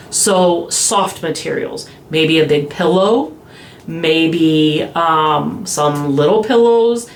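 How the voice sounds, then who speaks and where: On a podcast interview, a woman who specializes in children's behavior explains calming strategies, gently slowing down when modeling soothing phrases. Her voice is lowish, with a little hiss or hum, in an echoey room with faint ambience.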